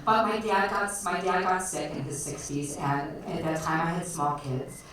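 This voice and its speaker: A Chicago-area woman shares a personal story on stage at a bar's storytelling night, talking chattily with plenty of fillers and frequent laughs. Her voice is lowish and her pace moderate. The recording is echoey and distant-miked, with faint noise and crowd noise.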